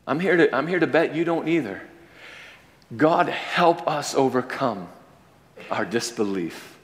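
A man preaching a sermon as pastor, impassioned, climbing to high emphatic peaks and dropping to low, quiet lines. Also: animated, a little slow, in a large hall, a little hiss or hum.

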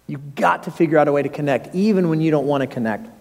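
A man's voice: fairly high pitch, fast talker, gravelly, darkish tone. Earnest preaching man in a reverberant hall. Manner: earnest, personal storytelling with emphatic rises. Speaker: pastor. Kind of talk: sermon.

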